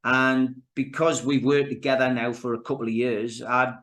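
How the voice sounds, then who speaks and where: A man's voice: mid-range voice, little pitch movement, normal speed, a bit bright. A man with a Geordie accent chatting as a podcast guest, restarting often and calling the host "mate". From North East England. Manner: chatty, frequent restarts and 'you know, mate'. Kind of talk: casual chat.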